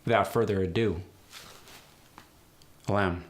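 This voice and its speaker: A man hosting a tutorial as an accent coach, explaining sounds in a brisk, direct way. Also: sits low, steady tone. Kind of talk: instructional tutorial.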